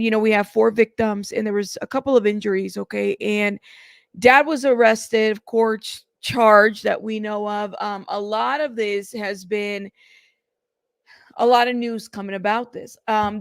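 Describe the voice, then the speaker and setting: A woman's voice: fairly high pitch, creaky, dry recording, studio quality. A woman hosting a casual news livestream, greeting chatters by name in a chatty way. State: out of breath.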